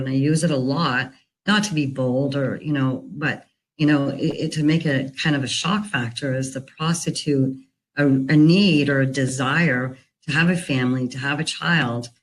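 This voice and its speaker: A woman's voice: very deep voice, poor audio. Earnest woman coach telling a story. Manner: earnest, conversational, many "you know" fillers. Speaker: relationship and divorce recovery coach. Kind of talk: reflective personal storytelling.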